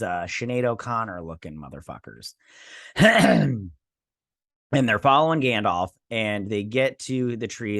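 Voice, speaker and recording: A man talks through an episode recap in a loose, rambling way. His voice sits at an ordinary middle pitch, and he is heard up close with no room echo. His tone is sarcastic and he drops into mock voices to quote characters. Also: fairly bright tone. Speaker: host. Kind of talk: casual episode recap and review.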